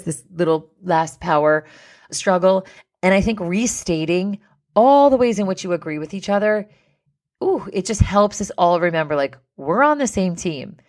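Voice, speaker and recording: Woman host, low voice, chatty advice talk full of "like" and "right?", adult with kids. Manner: conversational, many "like" and "right?" fillers. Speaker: podcast host giving wedding advice.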